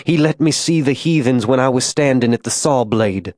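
Tormented frontier zealot, soft-spoken and fervent, read by a male narrator; dry, close audiobook voice. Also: mid-range voice, normal speed, no echo, natural voice. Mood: preaching. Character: grown man, tormented religious zealot, gentle to a child.

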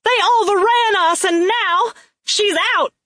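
A man voicing an urgent young woman, a tech-savvy ally, in a strained falsetto for an audiobook. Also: lively intonation, normal speed, fairly bright tone, no room sound, studio quality. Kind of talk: audiobook character voice.

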